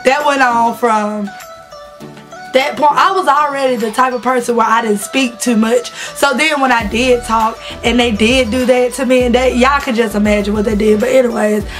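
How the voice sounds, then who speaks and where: A woman's voice: on the high side, fairly even intonation, normal speed, soft background music. A woman, telling candid, laughing stories to her vlog audience. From Southern United States. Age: 20s. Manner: chatty, laughing, slangy and candid. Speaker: vlogger. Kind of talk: casual storytelling to camera.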